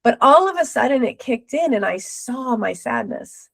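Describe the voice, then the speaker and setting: A middle-aged woman, a podcast guest, telling a personal story with lively retold quotes. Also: on the high side, normal speed, gravelly. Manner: animated retelling with acted quotes.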